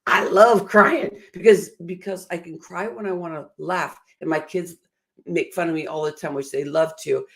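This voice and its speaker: A woman's voice: low voice, steady tone, moderate pace, creaky, darkish tone. A middle-aged woman giving an emotional, earnest motivational talk, often laughing at herself. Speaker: motivational speaker.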